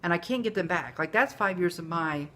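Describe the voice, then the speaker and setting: A woman's voice: lowish voice, expressive, fairly quick, sharp tone. A woman, talking candidly and emotionally in a rambling personal vlog. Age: 40s. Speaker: vlogger. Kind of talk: casual confessional vlog.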